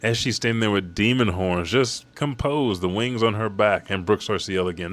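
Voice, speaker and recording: Man, deep voice, casual rambling, profane, manga chapter recap host. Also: normal speed, hardly any pauses, fairly bright tone.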